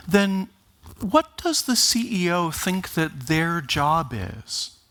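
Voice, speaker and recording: Slow, deliberate, bright-toned male speaker. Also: on the high side, very animated. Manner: deliberate, emphatic, wry joking. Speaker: conference speaker. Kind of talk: conference keynote talk. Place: conference stage.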